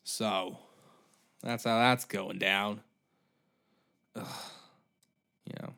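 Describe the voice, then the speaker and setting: A podcast host with a lowish, steady, gravelly voice draws out his words, his delivery pushed and bright yet smooth. He goes on a rambling comedic rant, swearing constantly and erupting in exaggerated outbursts.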